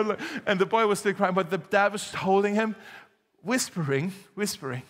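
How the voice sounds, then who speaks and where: A man's voice: high voice, moderate pace, fairly bright tone, big-room sound. A man preaching a sermon as pastor, telling stories conversationally and building to emphatic appeals. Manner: storytelling, conversational with laughs, rising to emphatic exhortation. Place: church hall.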